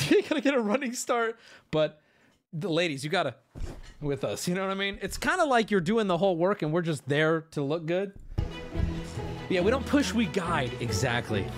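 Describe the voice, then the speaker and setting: A man's voice: a little high, expressive, normal speed, music in the background. A man joking bluntly as he reacts to a dating show on a live stream, rambling with crude asides into a desk microphone. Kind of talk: casual live-stream commentary.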